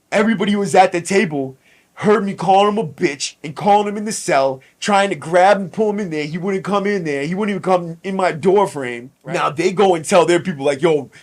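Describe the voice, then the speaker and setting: Blunt, profane man telling a story. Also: a little high. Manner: profane, blunt, street slang. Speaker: podcast host. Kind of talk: casual storytelling.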